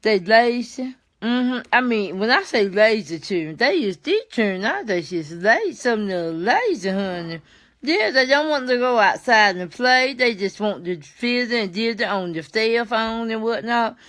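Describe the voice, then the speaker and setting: A tired older woman hosting a folksy vlog monologue. She talks in a chatty, drawn-out way and keeps adding mm-hmm and yes sir. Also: a little high, expressive, fairly bright tone. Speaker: vlog host.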